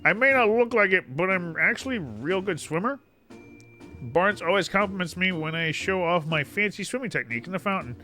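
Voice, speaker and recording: Soft, hesitant and high, this timid little duck girl speaks gently and meekly, as a man puts her on. Her lively, bright tone rises and falls, with faint game music underneath. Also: brisk. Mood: sweet.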